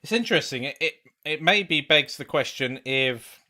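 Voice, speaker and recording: A man with a bright, clear-toned voice co-hosts a casual live stream. He muses on game design in a thoughtful way and laughs easily. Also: on the high side, lively intonation, moderate pace. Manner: reflective, laughs often. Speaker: co-host.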